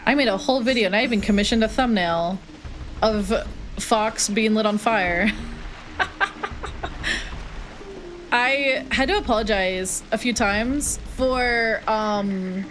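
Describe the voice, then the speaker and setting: A woman's voice: mid-range voice, slow, long pauses, a bit bright, soft background music. A young woman streaming a retro game, chatting casually, joking and answering chat. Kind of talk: casual live-stream chat while playing.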